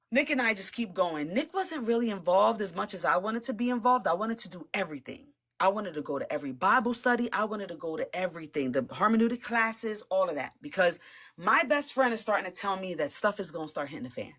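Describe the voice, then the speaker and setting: A woman guest telling a personal faith testimony in a casual, animated way, often laughing and repeating words as she talks. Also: medium pitch, brisk. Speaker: interview guest giving testimony.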